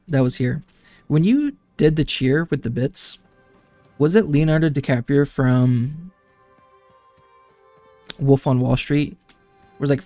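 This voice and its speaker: A man's voice: mid-range voice, warm tone, no room sound. A man streaming a game, rambling and chatting casually to his viewers and laughing often.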